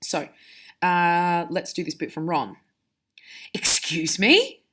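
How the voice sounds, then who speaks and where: A woman's voice: lowish voice, unhurried. Woman teacher explaining reading aloud. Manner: explanatory, demonstrative. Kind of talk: reading lesson for pupils.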